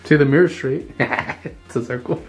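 A man's voice: mid-range voice, moderate pace, soft background music. A man tossing teasing, joking remarks into a casual home tour.

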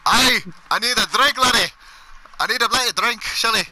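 Brief: a man doing a rowdy Scots pub drunk, pitched up high, bellowing for drink. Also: moderate pace, bright, forceful tone, heavily acted, poor audio. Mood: demanding. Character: gruff thirsty male Scottish tavern drunk.

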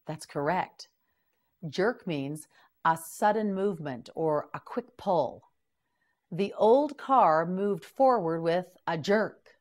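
Woman teacher doing a vocab drill, kinda low voice, super slow, says each word over and over. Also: a little mellow. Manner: slow, deliberate, repeats each word with encouraging prompts. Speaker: English teacher. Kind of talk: scripted vocabulary drill for beginners.

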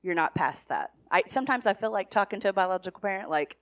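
A middle-aged woman, a foster parent, sharing a testimony with a church congregation, chatty and full of quoted asides. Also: mid-range voice. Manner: chatty, retelling conversations with quick quoted asides. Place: church service.

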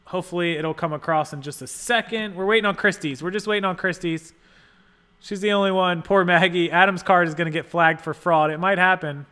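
Speaking briskly in a high, sharp, clear and resonant voice with fairly even intonation, a man hosts a relaxed livestream. He wanders from thought to thought, adjusting his settings and thanking viewers for donations.

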